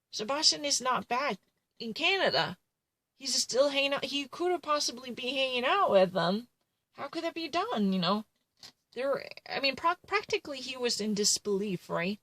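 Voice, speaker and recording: Woman going on about a crime case, lots of you knows, kinda high voice, dead dry mic. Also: sing-song, normal speed, bright, forceful tone, no echo, rough recording. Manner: rambling, heavy with "you know" fillers and self-corrections. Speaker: commentator retelling a true crime case. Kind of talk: casual spoken commentary.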